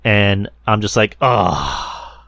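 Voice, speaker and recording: A man's voice: on the low side, normal speed, dry recording, highs cut off. A man hosting a solo podcast, rambling casually with lots of fillers and the odd swear word. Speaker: podcast host reviewing wrestling.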